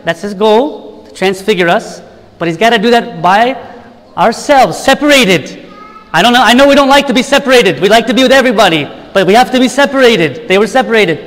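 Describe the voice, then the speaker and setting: A priest preaching an earnest sermon in a church, with rhetorical questions and repeated lists. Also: male voice, high voice, expressive, fairly quick, fairly bright tone, long reverb tail, rough recording.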